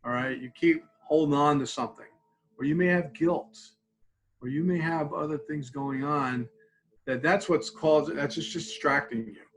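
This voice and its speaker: A man's voice: on the high side, normal speed, a bit bright, low-quality recording. A man, a student support clinician, leading a live counseling webinar in a casual, conversational way, guiding tapping and mindfulness exercises and checking in with "okay?" after nearly every point. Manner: conversational, tags lines with "okay?".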